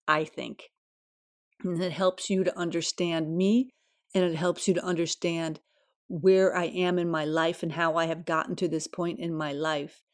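Chatty woman podcast host, lowish voice. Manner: chatty, personal storytelling. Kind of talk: casual podcast chat. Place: home.

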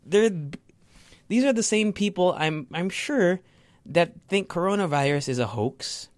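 A man's voice: high voice, lively intonation, measured pace, no echo. A young man giving a heated, profane opinion rant to his viewers, often stumbling and repeating words. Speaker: vlogger. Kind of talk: casual opinion rant to camera.

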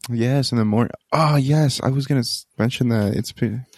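Young male co-host, low gravelly voice, teasing and jokey, dry close recording. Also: normal speed, no room sound. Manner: joking, teasing, laughs often. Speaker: podcast co-host. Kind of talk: casual chat.

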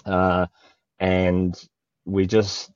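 A man's voice: sits low, monotone, drawn-out words, darkish tone, no echo, muffled recording. An Australian man talking emotionally in a spiritual conversation, often searching for words. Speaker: guest.

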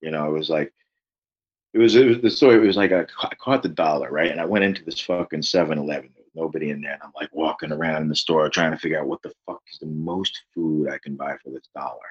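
Male guest, low husky voice, rambling storyteller who swears freely, dull lo-fi remote audio. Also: fast. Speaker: guest, author. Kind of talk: casual interview chat.

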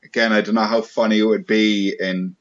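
A man's voice: fairly low pitch, level tone, a little fast. Dry-joking man, lo-fi sound. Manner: dry, joking, reads out questions. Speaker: podcast host. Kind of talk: casual chat. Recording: dull lo-fi sound.

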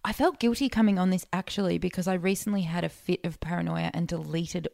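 A woman's voice: on the low side, fast talker, gravelly, a little mellow, no echo, clean studio sound. A woman in her thirties from Australia with an Australian accent, a guest telling stories in casual chat with lots of fillers. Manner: chatty storyteller, many fillers.

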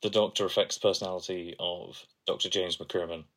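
A man's voice: low voice, steady tone, a little fast. A young man co-hosting a podcast, sharing analysis and trivia in casual chat. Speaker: podcast co-host.

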